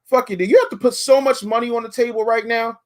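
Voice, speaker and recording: A man hosting a podcast, chatting casually and telling stories in an animated, profane way. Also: very high voice, fast. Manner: animated, profane storytelling with acted quotes. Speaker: podcast host.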